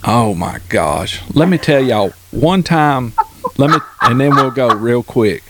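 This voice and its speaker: A man teasing a friend in casual chat on a video call, playful and quick to laugh. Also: medium pitch, lively intonation, very noisy.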